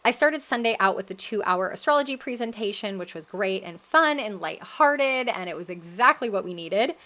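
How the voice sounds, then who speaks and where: With a mid-range voice at a moderate pace, the host of a wellness podcast lively retells what happened to her. She keeps it casual and imitates the voices of those she quotes.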